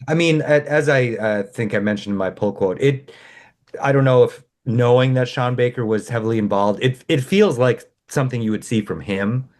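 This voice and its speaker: A man's voice: medium pitch, normal speed, darkish tone. A man co-hosting a film review podcast, thoughtful and a little hesitant as he compares films in casual conversation. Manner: thoughtful, hesitant with fillers and restarts, draws comparisons to other films.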